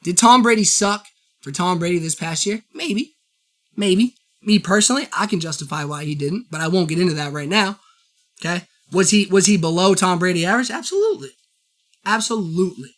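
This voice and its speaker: A man holds forth alone on his show, his voice bright and forward. He rants about sports with fired-up energy. He rambles, restarts and circles back to hammer the same points. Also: high voice, fast. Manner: fired-up, rambling, repeats himself. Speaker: show host. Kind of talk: solo sports opinion rant.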